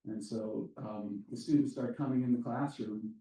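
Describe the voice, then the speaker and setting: Deep-voiced man telling a story in an echoey room. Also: fairly even intonation, warm tone, distant mic. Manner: halting, thoughtful storytelling. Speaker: speaker giving welcoming remarks at a conference. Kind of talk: public speech with a personal story.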